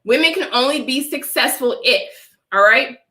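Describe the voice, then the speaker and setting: A young adult woman with a high-pitched, animated, sharp voice talks at normal speed, preaching opinions to her live chat during a casual livestream. She coughs dryly from allergies and keeps asking "all right?", in a reverberant, rough recording.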